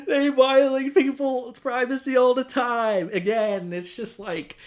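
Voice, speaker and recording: A young man giving a profane, sarcastic rant, reacting to social media posts as a commentary streamer. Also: very high-pitched. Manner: profane, sarcastic, mocking voices of others.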